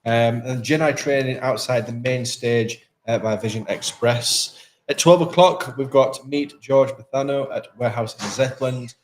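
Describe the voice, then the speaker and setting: A man's voice: mid-range voice, unhurried, slight background noise. A man co-hosting a live stream from a town event, chatting casually and running through the schedule. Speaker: co-host of a live local stream.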